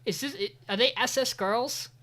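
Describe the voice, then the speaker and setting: A man's voice: very high voice, normal speed, a loud crowd. A man co-hosting a podcast, recapping an anime in casual chat with rambling, profane, sarcastic asides. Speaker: podcast co-host.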